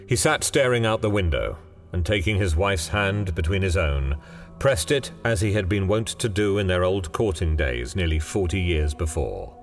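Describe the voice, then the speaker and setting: Deep-voiced man telling a ghost story. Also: expressive. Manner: measured, dramatic storytelling. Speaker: narrator. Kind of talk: scripted ghost story narration. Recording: long hall reverb, faint music.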